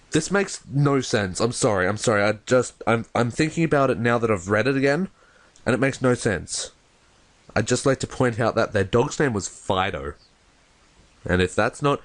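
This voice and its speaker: A man hosting his own channel, ranting casually and with exasperation about a story he just read, swearing and shooting up in pitch when he gets outraged. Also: lively intonation, measured pace, pauses often, dry recording. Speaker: channel host reviewing stories. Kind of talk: casual rant.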